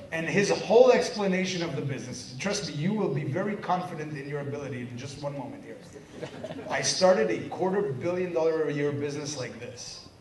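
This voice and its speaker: A man in his thirties from Quebec giving a lively motivational seminar talk, joking and poking fun at himself as he tells his story. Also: high voice. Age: 30s. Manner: energetic, joking, self-mocking storyteller. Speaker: business seminar speaker. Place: seminar hall with a live audience. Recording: echoey hall, distant mic, audience.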